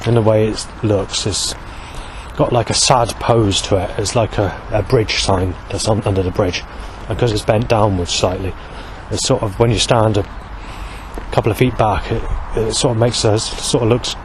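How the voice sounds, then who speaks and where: A man's voice: on the low side, steady tone, normal speed. A man in his forties talking outdoors beside a road, in an agitated, aggrieved monologue that keeps circling back and restarting. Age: 40s. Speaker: vlogger. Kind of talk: rambling outdoor monologue to camera. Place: outdoors by a road under a bridge. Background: passing traffic.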